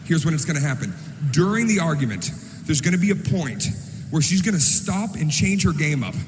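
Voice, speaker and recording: A man performing a stand-up comedy routine, loud and animated, often shouting his punchlines. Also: a little high, fairly quick. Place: large comedy venue on stage. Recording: live stand-up clip, echoey hall, audience noise.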